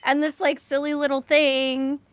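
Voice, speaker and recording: A woman's voice: sits high, flat delivery, unhurried, dry recording. A woman in her thirties, a podcast guest, chatting candidly and telling stories with quoted voices. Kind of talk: casual chat.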